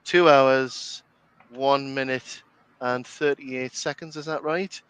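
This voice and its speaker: A middle-aged man from the North East of England speaks with a Geordie accent in a relaxed podcast chat. His voice is smooth and resonant, and the mic sits close in a dry space. He fills pauses with ums and restarts and often breaks into laughter. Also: mid-range voice, dry recording. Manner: chatty, laughs often, many fillers and restarts. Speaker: commentary podcast host. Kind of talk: casual chat.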